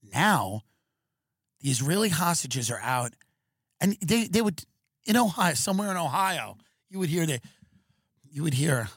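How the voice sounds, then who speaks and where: A man hosting a podcast, animated and excitable, riffing through a comic rant with many restarts. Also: on the high side, unhurried, pauses often, breathy edge, dry recording, clean studio sound. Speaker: comedian podcast host.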